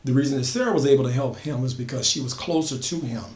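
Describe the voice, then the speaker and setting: A man's voice: mid-range voice, fast, a little mellow. A man casually telling an original horror story, building emphasis by repeating phrases. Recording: echoey room.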